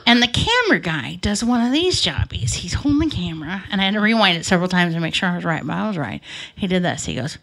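A middle-aged woman doing a profane stand-up comedy routine on a club stage, with brash quick asides and an audience laughing. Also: on the low side, big pitch swings, vocal fry, a bit bright. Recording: live club recording with crowd.

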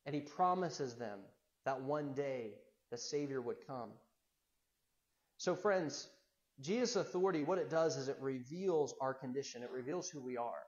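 A man's voice: medium pitch, moderate pace, dull audio. A man preaching a sermon as pastor, earnest, asking rhetorical questions and repeating himself as he builds a point.

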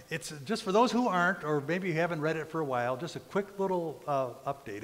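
A man preaching a sermon as pastor, telling a story in a relaxed, conversational way with frequent fillers. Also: a little high. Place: church. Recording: reverberant church hall.

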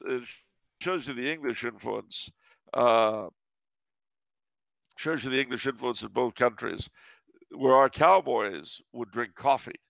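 Guy with a gravelly voice rambling wryly on a podcast, dull lo-fi sound. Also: medium pitch, fairly bright tone, no echo. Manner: digressive, wry storyteller. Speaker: podcast host. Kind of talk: casual conversational chat.

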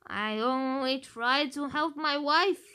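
A woman's voice: high voice, full character voice. Woman putting on a gloating mad-creator villain. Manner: slow, loud, gloating declarations.

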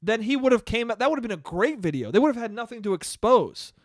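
A man talks loosely on his own podcast, breaking into laughter often and swearing freely. His voice sits high and swings widely in pitch. The sound is dry and close. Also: sing-song, quick pace, no room sound. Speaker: podcast host. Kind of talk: casual solo podcast rant.

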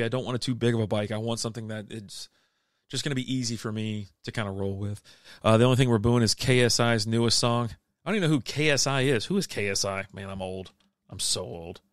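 Middle-aged male host, easygoing rambling chat, smooth close dry sound. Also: mid-range voice, quick pace, dry recording. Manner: rambling, laid-back, lots of fillers and restarts. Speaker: livestream beer show host. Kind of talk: casual chat reading live comments.

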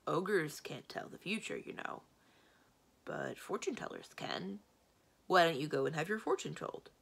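Storybook ogre manservant, male, anxious and deferential, gravelly and low, read by a woman. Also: expressive, unhurried, full character voice. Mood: earnest. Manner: plodding, humble and deferential. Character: anxious loyal male ogre servant, former sword swallower.

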